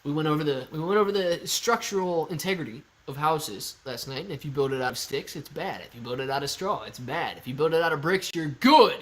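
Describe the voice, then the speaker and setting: Reading chat aloud on a casual stream, a young man jokes around with viewers, addressing them as dude and man in a laid-back style. His slightly bright, high-leaning voice moves quickly with hardly any pauses. He's in a storage-style room at home, with a phone serving as the camera.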